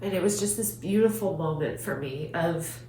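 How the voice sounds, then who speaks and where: A woman's voice: fairly low pitch, moderate pace, dark tone. A woman hosting a podcast, telling a personal story in an earnest, heartfelt way, often saying "like". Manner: earnest, heartfelt, frequent "like" fillers. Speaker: podcast host. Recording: roomy echo with faint hum.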